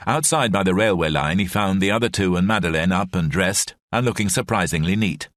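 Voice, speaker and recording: A man reading an audiobook in measured, expressive scripted narration. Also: deep voice, no echo, clean studio sound.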